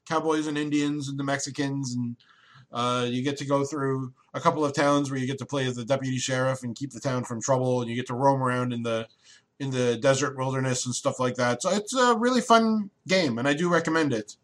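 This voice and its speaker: A man's voice: medium pitch, a little fast. A man chatting casually on a podcast, rambling and opinionated, with frequent restarts. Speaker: podcast co-host. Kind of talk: casual chat.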